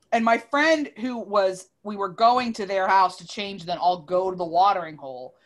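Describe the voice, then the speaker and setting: Tipsy woman telling a sweary story. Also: mid-range voice. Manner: animated, swears freely, self-interrupting. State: tipsy from drinking. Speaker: podcast co-host. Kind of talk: casual storytelling chat.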